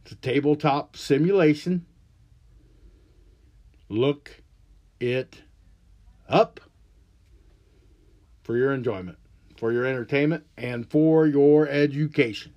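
A man's voice: mid-range voice, normal speed, mellow. A man hosting a solo podcast, delivering an angry, profane, rambling rant. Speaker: podcast host.

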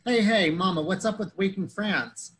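A man's voice: sits high, moderate pace, a bit bright, pitched above the performer's own voice. A man voicing a big, sleepy college guy who bellows and talks about himself in the third person. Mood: bellowing. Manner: bellowing, says "hey, hey, mama".

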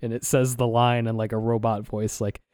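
A man with a mid-range voice and a darkish, level tone speaks at a moderate pace, in studio-quality audio without room sound. In casual podcast chat as a co-host, he rambles, fills pauses constantly, and reenacts quotes from what he saw.

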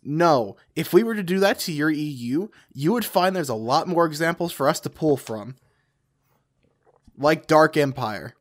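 A man's voice: fairly high pitch, lively intonation, normal speed. A man co-hosting a podcast in casual chat, talking emphatically, repeating his points and laughing often. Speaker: podcast co-host.

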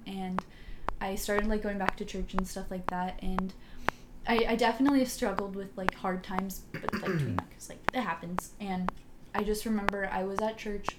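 Woman podcast guest, mid-range voice, soft and hesitant, restarts a lot; noisy recording with clicks. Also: medium pitch. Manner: halting, many fillers and restarts. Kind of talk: casual personal storytelling. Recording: loud background noise with clicks.

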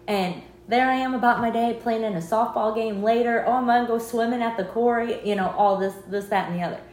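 Woman co-host, lively storyteller who plays out the quotes in her stories; echoey room with faint noise. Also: on the high side, a little fast. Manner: animated storyteller, acts out quotes, laughs often. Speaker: podcast co-host. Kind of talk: casual storytelling chat.

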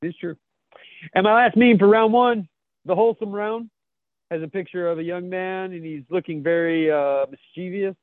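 A man's voice: high voice, normal speed, no echo. A man co-hosting a podcast, chuckling as he reads out memes in a casual, jokey chat. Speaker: podcast co-host. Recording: tinny phone-like line, dry.

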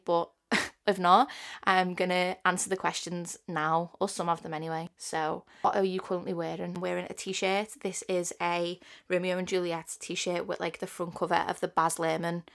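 A woman's voice: lowish voice, gravelly. A 21-year-old woman from Liverpool with a Scouse accent, chatting casually and rambling on her solo podcast with lots of "like" fillers. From Liverpool, England. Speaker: podcast host.

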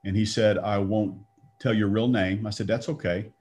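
A man's voice: lowish voice, steady tone, moderate pace, a little mellow. A middle-aged man from Texas, telling a personal faith story in a conversational way and acting out the quoted lines. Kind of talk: storytelling talk.

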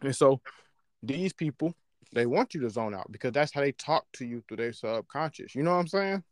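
A man in casual podcast chat, talking in an animated, slangy way and checking in with his listeners as he explains. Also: medium pitch, fairly quick, no room sound. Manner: animated, slangy, often asks "you know what I'm saying". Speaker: podcast co-host.

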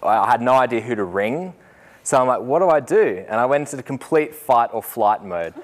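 A young man, a student teacher telling a lively story to a group and laughing as he goes. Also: medium pitch, a little fast. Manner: animated, laughing, acts out voices in anecdotes. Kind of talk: storytelling talk.

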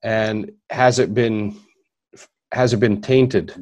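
A man's voice: fairly low pitch, steady tone, takes it slowly, darkish tone. A man hosting a podcast in casual chat, asking loose, rambling questions. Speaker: podcast host.

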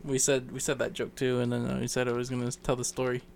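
A young man co-hosting a casual podcast, telling a story with lots of swearing and high squeaky jumps when he quotes people. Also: quick pace, vocal fry, a little hiss or hum. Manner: swearing, animated, leaps to a squeaky pitch when quoting others. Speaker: podcast co-host.

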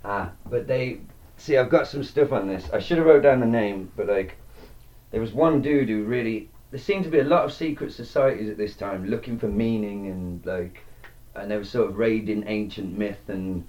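A man's voice: fairly low pitch, normal speed, a little mellow, highs cut off. A man co-hosting a casual podcast, rambling and swearing as he gets worked up. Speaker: podcast co-host. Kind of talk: casual chat.

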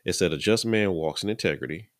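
A man's voice: sits low, quick pace, no echo, studio quality. A middle-aged man, talking earnestly in a casual preaching style, often repeating and restarting his words. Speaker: podcast host.

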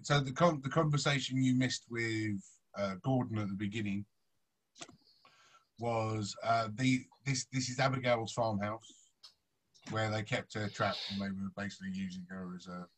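A man narrates a tabletop game as its game master. His voice sits low, and his storytelling is loose and casual, with easy swearing mixed in. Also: steady tone, unhurried, long pauses, low-quality recording.

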